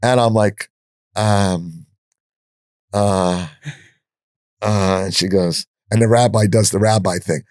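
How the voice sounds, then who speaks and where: Animated older man telling stories. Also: on the low side, takes it slowly, long pauses, dry recording, studio quality. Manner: animated storyteller, frequent restarts and swearing. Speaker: podcast guest. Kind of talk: anecdotal storytelling in an interview.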